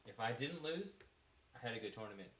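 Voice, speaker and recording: A young man hosting a podcast, telling a rambling travel story in a casual, animated way and laughing at himself. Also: mid-range voice, brisk, echoey room. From United States. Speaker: podcast host.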